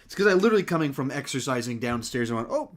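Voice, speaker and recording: A man's voice: medium pitch, expressive, rapid-fire. Slightly winded man hosting a live Q&A. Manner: rambling, many fillers and restarts. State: slightly out of breath. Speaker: host. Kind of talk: casual live-stream Q&A.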